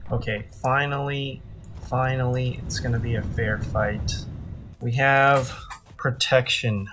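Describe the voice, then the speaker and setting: Guy doing a gameplay commentary, slow drawn out talk, freaks out and swears a lot, jokes about himself. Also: medium pitch, slight background noise. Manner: excitable, dramatic reactions, swears freely; self-deprecating, jokey panic. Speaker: gaming channel host.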